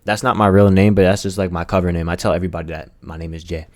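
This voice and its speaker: A man's voice: low voice, steady tone, very fast. A young man streaming, telling rambling, slangy, profane stories in casual chat.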